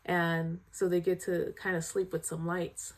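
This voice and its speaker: Female film reviewer, casual and animated, emotional with frequent sighs. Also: on the low side, a little slow. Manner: emotional, sighing, animated retelling.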